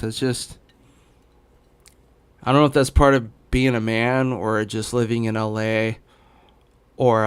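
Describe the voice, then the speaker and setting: A young man streaming games from home, talking in a loose, rambling way. He is hiccuping, fills his talk with ums and restarts, and his voice stays smooth and resonant at an ordinary middle pitch. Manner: rambling, full of fillers and restarts. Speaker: gaming streamer. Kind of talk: casual rambling chat. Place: home in Los Angeles.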